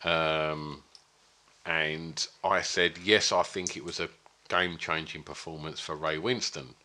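A man's voice: a bass voice, measured pace. A man hosting a podcast, telling stories in casual chat and acting out what others said. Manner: animated storyteller, voices others in quotes. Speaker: podcast host.

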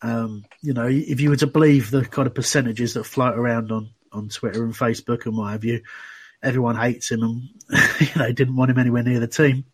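A man's voice: medium pitch, level tone, brisk, husky, no echo. A man hosting a casual fan podcast, chatty and full of restarts. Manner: chatty, many restarts and "you know"s. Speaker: podcast host.

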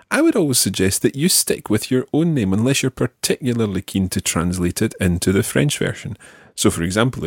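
A French teacher with a husky, fairly low voice guides a learner through a language lesson, modeling each phrase slowly and patiently. His pitch rises and falls a great deal, and the recording is close and dry with no room sound.

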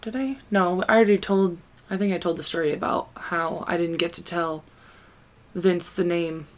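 A woman's voice: fairly low pitch, steady tone, normal speed. A woman in her late twenties from the Midwest, co-hosting a podcast in casual chat, laughing often and swearing casually. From Midwest US, Kansas. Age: 20s. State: pregnant. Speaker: podcast co-host.

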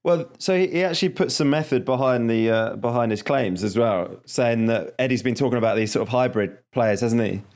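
A man co-hosting a rugby podcast, summarising a news story in a measured, thoughtful way. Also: medium pitch, darkish tone. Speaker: podcast co-host. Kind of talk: casual chat.

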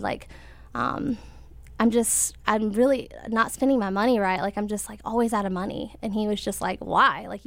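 A young woman with a medium-pitched voice tells a personal story in casual conversation, recorded dry. She's chatty, uses lots of fillers, and laughs a little as she goes.

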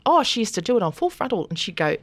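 An Australian woman hosting a podcast in casual chat, bubbly and gushing, quick to laugh. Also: mid-range voice, very animated, no room sound. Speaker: podcast host.

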